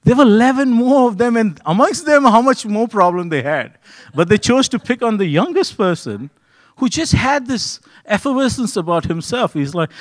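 A man preaching a conversational sermon, joking and swinging between loud, excited bursts and hushed, quiet stretches. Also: very high-pitched, moderate pace, dry recording.

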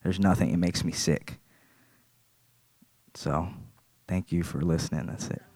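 A man's voice: low-pitched, steady tone, measured pace, a little mellow, no echo. A man giving a personal church testimony, earnest and plain-spoken, repeating his phrases.

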